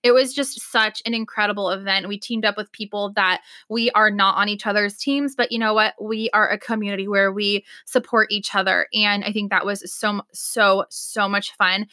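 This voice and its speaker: A woman co-hosting a podcast in casual chat, bubbly and quick to laugh, with a lot of "like" in her speech. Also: mid-range voice, sharp tone, no echo, studio quality. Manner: bubbly, laughs often, heavy use of "like". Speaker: podcast co-host.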